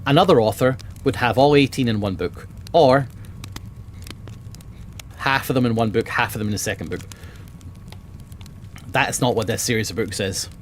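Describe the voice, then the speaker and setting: Man, middle pitch, casual book chat, enthusiastic, rambling, swears a lot, home room. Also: moderate pace, long pauses, slight background noise. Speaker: streamer. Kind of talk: casual chat about books.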